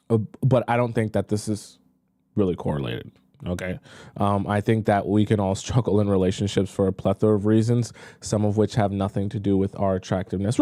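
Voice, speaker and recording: Chatty dating coach, dry close sound. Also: male voice, fairly low pitch, steady tone, brisk, dark tone, no echo. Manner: chatty, emphatic, repeats himself for emphasis. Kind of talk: live-stream reaction commentary.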